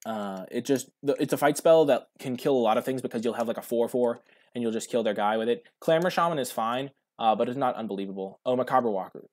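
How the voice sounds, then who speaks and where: A man's voice: medium pitch, quick pace, darkish tone. A man giving casual commentary while drafting cards, thinking aloud and answering his chat. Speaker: streamer.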